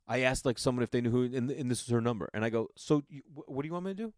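A middle-aged man performs storytelling stand-up, spinning a long comic tale at rapid-fire speed in a clean studio recording with no room sound. He's animated throughout, acting out his friends' quoted lines with big jumps in pitch.

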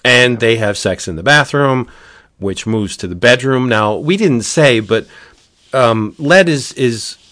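Casual man retelling a story. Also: mid-range voice. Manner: animated retelling with quick put-on character voices. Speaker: podcast co-host. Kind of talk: casual chat, retelling a book's plot.

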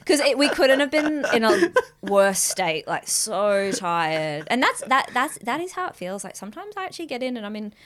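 A woman's voice: on the high side, moderate pace, a little hiss or hum. A woman co-hosting a podcast, chatting casually and telling stories, acting out other people's lines and laughing often. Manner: animated storyteller, acts out quotes, laughs often. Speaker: podcast co-host. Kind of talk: casual chat.

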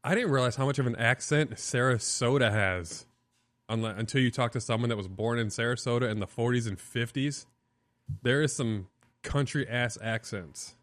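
A man's voice: medium pitch, normal speed, fairly bright tone, no room sound. A man who grew up on the Illinois-Wisconsin border, talking casually as a podcast guest, rambling with lots of "like". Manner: casual, rambling, says "like" a lot. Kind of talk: casual chat.

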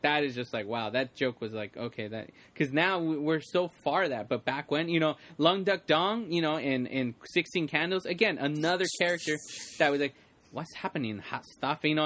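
A man with a somewhat higher voice chats casually about an old movie. He rambles, restarts his sentences and leans on fillers. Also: fairly bright tone. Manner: rambling, many fillers and restarts, quotes lines in put-on voices.

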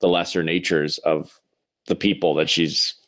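A man's voice: sits low, little pitch movement, normal speed, a bit bright. A man in a casual podcast conversation, agreeable and often chiming in with short affirmations.

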